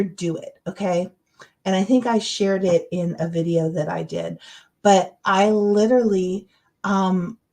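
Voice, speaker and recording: A woman's voice: medium pitch, a little mellow. A middle-aged woman hosting a casual livestream, rambling and encouraging, with lots of fillers. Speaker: livestream host. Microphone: webcam or computer mic, livestream.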